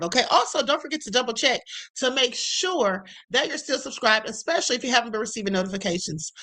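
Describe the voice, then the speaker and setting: High, bright-voiced woman streamer. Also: low-quality recording. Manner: chatty, amused, addresses viewers as beloved and honey. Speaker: live stream host. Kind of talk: casual live stream commentary.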